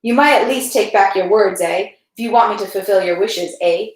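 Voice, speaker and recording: A woman's voice: mid-range voice, normal speed, very echoey, lightly acted, rough recording. A woman reading the lines of an arrogant, cowardly young officer in a novel. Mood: haughty, defensive.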